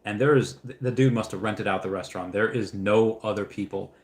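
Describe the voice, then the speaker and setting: A male streamer with a fairly low voice chats casually through a livestream. He reads viewer comments aloud and trips over his words, repeating the first words of a sentence before getting going. Between comments he wanders off into long stories. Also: fairly even intonation, a little fast, a little mellow. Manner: reads out chat messages, then rambles into anecdotes; frequent stammered restarts. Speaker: livestream host answering viewer questions.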